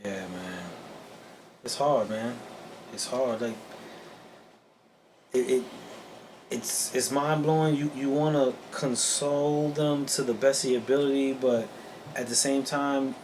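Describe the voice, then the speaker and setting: Podcast co-host, male, average pitch, halting and reflective, noisy recording. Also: fairly even intonation. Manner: halting, repeats words, soft-spoken and reflective. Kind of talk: casual chat. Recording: audible background noise.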